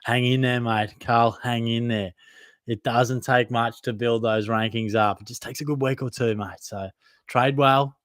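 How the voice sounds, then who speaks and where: A man's voice: medium pitch, fairly even intonation, measured pace, fairly bright tone, no echo, studio quality. A young man with an Australian accent hosting a live Q&A, reading out viewer comments and answering in a casual, matey way, often laughing at himself. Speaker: fantasy football podcast host.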